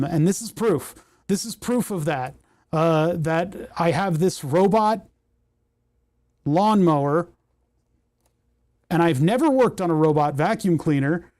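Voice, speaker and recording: A man's voice: a little high, warm tone, dry recording. Rambling man tinkering on a livestream. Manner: rambling, self-deprecating, thinks aloud. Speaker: livestream host. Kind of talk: casual livestream chat while repairing.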